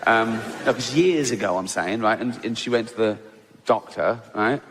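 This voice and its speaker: A man's voice: fairly low pitch, moderate pace, fairly bright tone, slight background noise. A man doing a stand-up routine, laughing through his lines and acting out the characters in his story. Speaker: stand-up comedian. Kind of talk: stand-up routine with acted-out voices.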